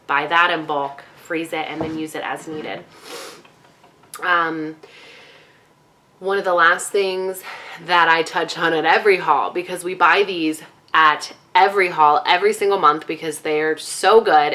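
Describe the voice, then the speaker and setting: A woman's voice: deep voice, bright, forceful tone. A young woman vlogging casually to her viewers, chatty with lots of ums, a little out of breath. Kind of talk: casual chat to camera.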